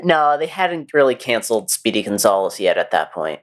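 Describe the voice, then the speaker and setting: A man's voice: mid-range voice, moderate pace, hardly any pauses. A man co-hosting a podcast in casual chat, dry and laid-back, swearing casually. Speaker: podcast co-host.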